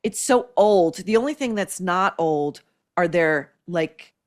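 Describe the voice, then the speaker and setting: A woman's voice: on the low side, lively intonation, takes it slowly. A woman hosting an opinion show, blunt and scathing in her sarcastic commentary. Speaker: podcast host.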